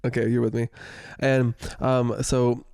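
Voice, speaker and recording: A man's voice: mid-range voice, little pitch movement, a little slow, vocal fry, mellow, clean tone, no room sound, clean studio sound. A man co-hosting a podcast, chatty and giggly, trailing off in fillers as he talks. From the American South. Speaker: podcast co-host. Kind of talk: casual chat.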